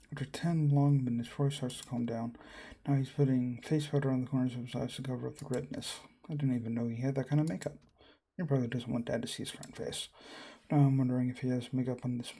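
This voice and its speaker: Gravelly man reading a visual novel. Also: mid-range voice, dark tone. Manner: reads all characters and narration in his own voice, reacting aloud. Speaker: game streamer.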